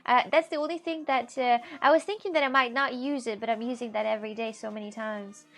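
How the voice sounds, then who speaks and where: A woman with a fairly high voice chats casually on a live stream, her phrasing simple and halting. Her nose sounds stuffed up, and faint music plays behind her outdoors. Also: steady tone, a bit bright. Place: outdoors, sitting in a hammock.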